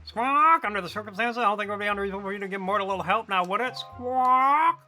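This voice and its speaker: A man's voice: high-pitched, fast talker, bright, forceful tone, faint music behind, voice pushed up. A man voicing a chatty male bird postman from a video game who keeps squawking between sentences. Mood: fussy.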